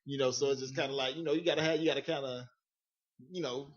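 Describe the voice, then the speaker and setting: A man with a Southern US accent co-hosting a casual comedic podcast, laughing loudly and slipping into playful impressions. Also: mid-range voice, steady tone, fast, breathy edge. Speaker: podcast co-host. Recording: dull lo-fi audio.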